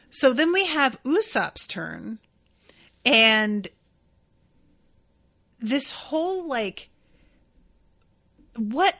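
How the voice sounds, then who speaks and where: A woman's voice: medium pitch, fairly bright tone. A woman hosting a podcast, recapping anime episodes in a chatty, casual way with fillers and some swearing. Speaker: podcast host.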